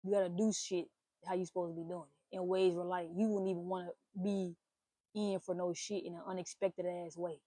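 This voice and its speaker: A young woman hosting a casual talk stream, giving blunt, profane relationship advice in an animated rant. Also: fairly low pitch, brisk, no echo. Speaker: host.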